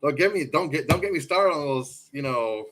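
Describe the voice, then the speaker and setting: A man's voice: a little high, animated, normal speed, a bit bright. A man co-hosting a casual sports podcast, trading crude laughing banter. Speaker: podcast co-host.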